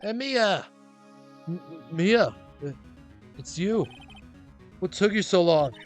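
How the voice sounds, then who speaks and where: A man voicing an excitable young woman sidekick in a raised, eager voice while reading game dialogue aloud. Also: high-pitched, slow, faint music behind, voice pushed up. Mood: excited.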